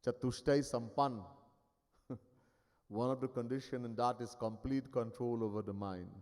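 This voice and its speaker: A man's voice: mid-range voice, fairly even intonation, moderate pace, darkish tone. A man giving a sermon as a spiritual teacher. He tells stories in an emphatic, wry way. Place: ashram hall. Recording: long hall reverb.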